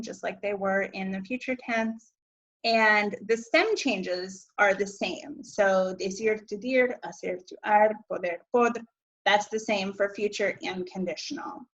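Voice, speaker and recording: A woman talks students through a recorded Spanish grammar lesson. Her pitch sits in the middle and her tone stays casual and chatty. She corrects herself easily as she goes. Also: fairly bright tone, lo-fi sound. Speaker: Spanish teacher. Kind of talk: recorded slide lecture.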